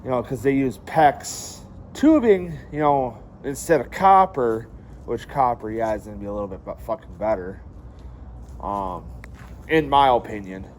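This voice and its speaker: A man's voice: medium pitch, animated, measured pace. Rambling, swearing young Midwestern man. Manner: rambling, swears often, many fillers. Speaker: vlogger. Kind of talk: casual vlog chat. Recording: faint background noise.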